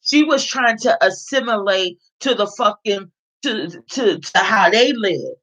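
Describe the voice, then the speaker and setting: A woman's voice: mid-range voice, expressive, a little slow, fairly bright tone, poor audio. A woman from California giving a blunt, heavily profane commentary rant and repeating her points for emphasis. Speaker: vlogger.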